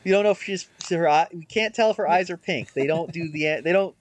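A man's voice: fairly high pitch, a little fast. A man co-hosting a podcast, chatting casually about old cartoons with many fillers and restarts. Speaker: podcast co-host. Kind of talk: casual chat reviewing cartoons.

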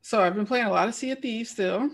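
Gravelly-voiced woman in casual chat. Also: on the high side. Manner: animated, quick bursts, laughs often. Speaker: podcast co-host.

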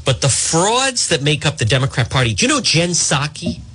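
A man's voice: very animated, moderate pace, a bit bright. A man hosting a talk radio show, delivering an opinionated monologue in a sarcastic, mocking way. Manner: sarcastic, mocks voices in a high put-on tone.

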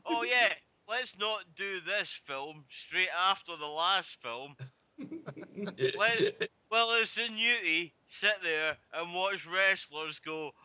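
A man ranting in a casual chat, swearing freely as he tells his stories. His voice is very bright and a little higher than most men's. The sound is dry and close, with no room echo. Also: takes it slowly, clean tone. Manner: profane, ranting storyteller.

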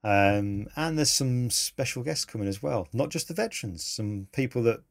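A man's voice: medium pitch, normal speed, vocal fry. Enthusiastic man telling stories. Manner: animated, enthusiastic, laughs mid-story. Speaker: photographer and interview guest. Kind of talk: casual interview storytelling.

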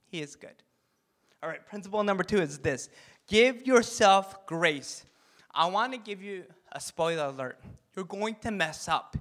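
A pastor, a man, giving an animated, jokey sermon and leading the crowd in call-and-response chants. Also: on the high side. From Korean heritage. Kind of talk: sermon talk.

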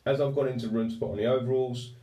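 A man's voice: medium pitch, fairly even intonation, very fast, warm tone. A man with an English accent telling a personal story candidly, swearing freely and speaking with raw emotion. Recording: roomy echo, distant from mic.

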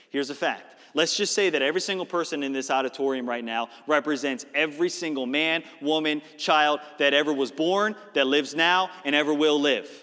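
A male preacher delivers a sermon with a high voice. His tone is bright and ringing, and his words carry a long reverb from a large auditorium. He explains scripture with emphatic, steady conviction. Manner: explanatory, emphatic Bible teaching. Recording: reverberant hall.

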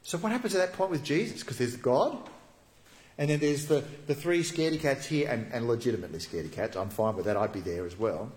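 A pastor delivers a sermon with a lively, swooping delivery, moving between animated storytelling and soft, hushed moments. His voice sits at an ordinary male pitch. The recording has the echo of a church hall. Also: quick pace. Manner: lively storytelling preacher who drops to soft, hushed tones.

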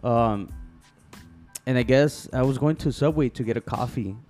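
Man, casual podcast storytelling, english-mix, swears a lot, medium pitch, faint music behind. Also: moderate pace. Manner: switches between English and Spanish, swears freely; excitable when retelling, voice rises in quoted lines. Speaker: podcast co-host.

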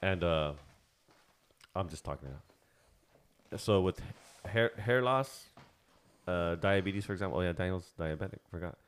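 Deep-voiced man in loose, profane chat. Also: a little slow, long pauses, clean tone. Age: 30s. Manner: loose, profane and rambling, with many fillers. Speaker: podcast co-host. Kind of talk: casual podcast chat.

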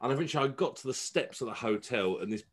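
A middle-aged man hosting a podcast, telling anecdotes in a relaxed, chatty way. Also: mid-range voice, fast talker. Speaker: podcast host. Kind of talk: casual chat.

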